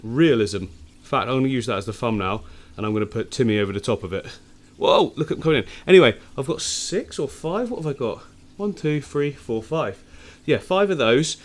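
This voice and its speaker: A man hosting a fishkeeping vlog from his home tank studio, chatting eagerly to camera with frequent laughs, his voice deeper from the early morning. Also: big pitch swings, fairly quick. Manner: chatty and enthusiastic, laughs often. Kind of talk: casual chat to camera.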